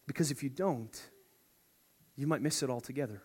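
A man preaching a sermon, animated and playful, swinging from hushed asides to excited shouts. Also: mid-range voice, fairly quick, pauses often, breathy edge.

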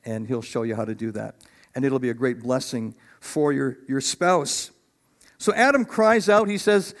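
A middle-aged man preaching a sermon as pastor, animated and acting out voices of biblical figures. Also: mid-range voice, unhurried.

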